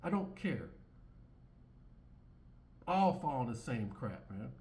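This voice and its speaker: Male channel host, blunt profane monologue, keeps restarting and repeating himself, mid-pitched voice. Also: very animated, slow pace, darkish tone. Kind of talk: opinionated monologue over clips.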